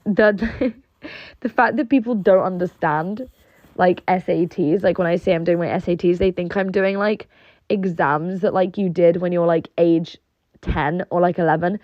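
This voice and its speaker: A young woman with a lowish voice rants casually, rambling through fillers and swearing with sarcastic bite. The recording is dull and lo-fi, with a dry, close sound and no room echo. She talks like she is venting straight to her audience. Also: steady tone, moderate pace. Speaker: online personality. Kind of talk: casual rant monologue.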